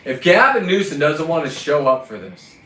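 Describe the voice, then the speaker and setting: A man's voice: on the high side, expressive, normal speed, a bit bright. A man from California, a lobster fisherman, delivering a combative, profane vlog rant and scolding the lobsters he caught. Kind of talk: ranting vlog monologue. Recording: roomy, distant mic, faint ambient noise.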